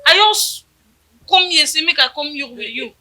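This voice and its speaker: A woman's voice: sits high, animated, normal speed, bright, forceful tone, exaggerated voice. An actress with a Nigerian accent playing a teasing young woman who mixes pidgin and English in a Nollywood film. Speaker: lead character.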